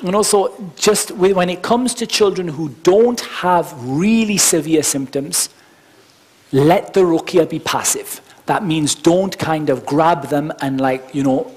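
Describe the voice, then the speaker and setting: A man's voice: a little high, unhurried, darkish tone. A man giving an informal workshop lecture, explaining step by step with frequent asides. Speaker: workshop instructor. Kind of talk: conversational teaching lecture.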